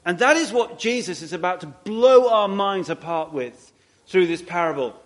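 A man preaching a sermon in a conversational way, with many restarts and asides, slowing down to stress his key points. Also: sits high, lively intonation.

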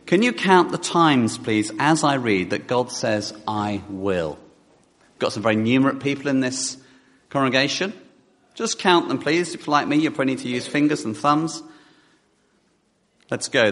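A man's voice: mid-range voice, lively intonation, normal speed, fairly bright tone. A man preaching a sermon to a congregation, reading scripture aloud and putting direct questions to his listeners. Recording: long hall reverb in church.

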